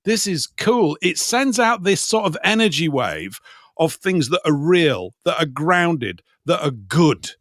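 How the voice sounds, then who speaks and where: A man talks as a guest with lively enthusiasm, telling his story in bursts. His voice is fairly high, and the recording is dry and close. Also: a little slow, no echo. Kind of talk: casual chat.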